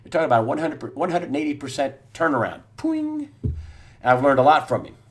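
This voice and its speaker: Election commentary comes from a middle-aged host talking at a quick pace and medium pitch. His monologue is emphatic and repetitive, packed with "uh" fillers, lurching from loud outbursts to asides that are almost quiet.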